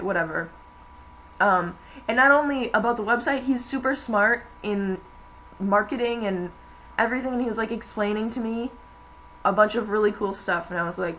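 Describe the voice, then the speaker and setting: A woman's voice: mid-range voice, fairly bright tone, a little hiss or hum, poor audio. A young woman in college, chatting casually to camera in a rambling way with many fillers. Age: young adult. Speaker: vlogger. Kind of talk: casual chat.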